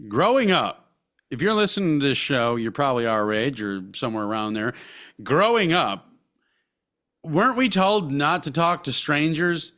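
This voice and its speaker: Bright-voiced profane podcast man. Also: a little high, animated, moderate pace. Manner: profane, rambling with restarts. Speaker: podcast co-host. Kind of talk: casual crude podcast banter.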